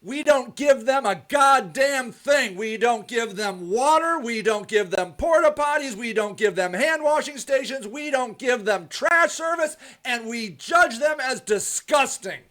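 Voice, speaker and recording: Male streamer, high voice, preachy and repetitive, talks straight to his viewers live. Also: lively intonation, unhurried, hardly any pauses. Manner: preachy, repetitive, ranting then softly rambling. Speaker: host of a live stream show. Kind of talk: impassioned live stream monologue.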